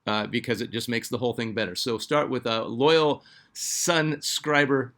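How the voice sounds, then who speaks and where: A man's voice: mid-range voice, fairly even intonation, moderate pace, a bit bright. Chatty man hosting a basketball channel. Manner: chatty, filler-heavy, restarts often. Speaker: sports channel host. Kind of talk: casual commentary reading viewer comments.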